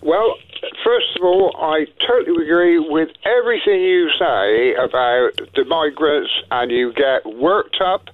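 A man calls a radio show over a tinny, dry phone line, sounding agitated and insistent. His voice sits a little high. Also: expressive, measured pace, no room sound. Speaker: caller.

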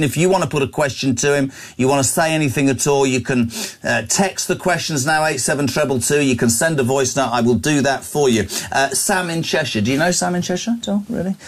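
A man hosting a breakfast talk radio show, brisk and opinionated, often stumbling over restarts. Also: a little high.

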